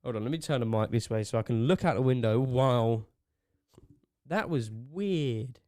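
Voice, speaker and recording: A young man co-hosting a podcast, giving excitable running commentary between laughs at a desk mic in a small home studio. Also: medium pitch, moderate pace, no room sound. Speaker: podcast co-host. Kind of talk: casual chat.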